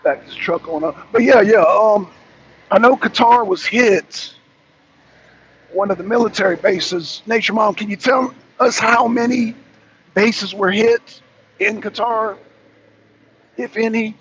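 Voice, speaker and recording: A man's voice: high-pitched, a little slow, long pauses, fairly bright tone. A man, hosting a casual live-stream talk and chatting loosely with his viewers. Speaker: talk show host. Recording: dull lo-fi stream with faint noise.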